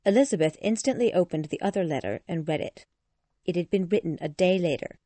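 A woman narrating a storybook in a steady, clear reading voice. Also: fairly low pitch, no room sound. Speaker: audiobook narrator.

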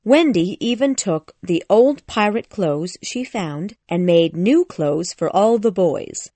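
Slow, careful woman storybook narrator. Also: mid-range voice, lively intonation, dark tone, no echo. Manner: slow, careful, clearly articulated. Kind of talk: graded reader audiobook narration.

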